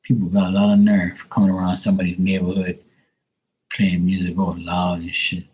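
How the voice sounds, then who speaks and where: A man's voice: deep voice, monotone, normal speed, a little mellow, slightly rough, rough recording. A man chatting casually with viewers on a live tarot stream, blunt and full of swearing. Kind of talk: casual livestream chat.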